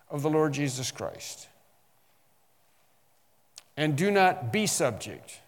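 Preacher guy, kinda high voice, punchy and emphatic, big echoey hall. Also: expressive. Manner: emphatic, with slow stressed phrases and rising bursts. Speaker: pastor. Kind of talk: expository sermon.

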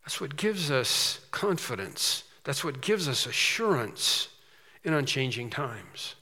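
A man preaching a sermon, slow and emphatic with quicker asides. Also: mid-range voice, big pitch swings, bright, forceful tone, big-room sound.

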